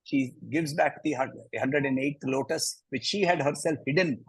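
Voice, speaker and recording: A man with an Indian English accent teaching a scripture class, chanting verses slowly and then explaining them with lively emphasis. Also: fairly high pitch, husky, no echo, low-quality recording. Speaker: Gita teacher.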